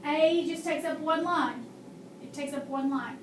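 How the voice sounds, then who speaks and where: High-voiced female teacher who quizzes patiently and models each sound, recorded from a distance in an echoey classroom. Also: normal speed. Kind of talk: classroom phonics and handwriting lesson. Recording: echoey room, mic far off, faint hum.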